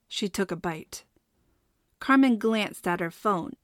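A woman narrating a storybook in a steady, measured way. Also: medium pitch, no echo, clean studio sound. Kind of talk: audiobook narration.

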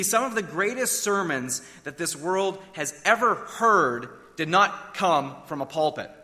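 A man's voice: high-pitched, pushed and bright, big-room sound. A man preaching a sermon in a conversational storytelling way, asking his listeners questions. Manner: conversational, asks the audience questions.

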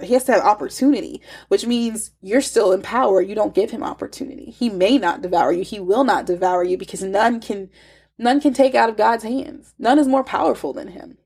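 A woman talks through a devotional teaching in a chatty, emphatic way with plenty of asides. Her voice is gravelly and husky, and a stuffy, congested nose colors her words. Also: on the high side, a little mellow. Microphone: phone.

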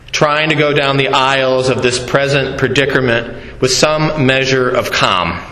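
A man preaching a sermon, telling a story with slow, deliberate delivery and playful asides to the congregation. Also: medium pitch, pushed and bright. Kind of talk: sermon with audience interaction. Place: church. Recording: echoey church hall.

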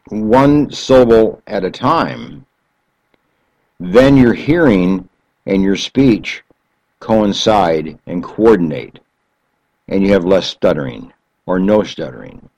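A man giving an explanatory talk, slow and deliberate, stretching key phrases for emphasis. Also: mid-range voice, darkish tone, slightly rough, low-quality recording. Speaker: speaker explaining stuttering.

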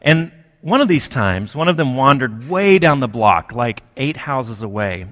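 A man's voice: medium pitch, fairly bright tone. Man preaching in a reverberant hall. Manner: conversational storytelling with dramatic pauses. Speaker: pastor. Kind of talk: sermon.

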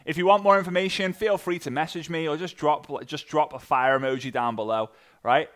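A man coaching an online audience on sales messaging, energetic and animated, acting out sample messages. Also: brisk. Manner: energetic, with big jumps in pitch and loudness; acts out sample messages in different voices. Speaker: sales and network marketing coach.

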